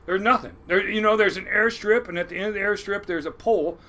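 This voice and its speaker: A man in his sixties, a crab boat captain, telling his life story in an interview, animated and salty, acting out the people he quotes. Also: high-pitched, fast talker.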